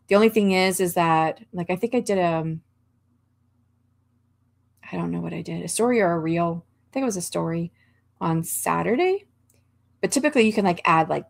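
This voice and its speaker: A woman hosting a writing livestream, chatting casually and reading out viewer comments, rambling with fillers and laughs. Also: lowish voice. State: hiccups. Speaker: livestream host.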